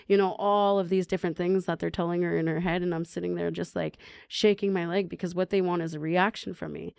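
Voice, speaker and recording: A woman's voice: lowish voice, flat delivery, fairly quick, vocal fry, hardly any pauses, a little mellow, smooth, dry recording, studio quality. A woman from Canada, a podcast guest, telling her personal recovery story in an earnest way and often tagging sentences with questions.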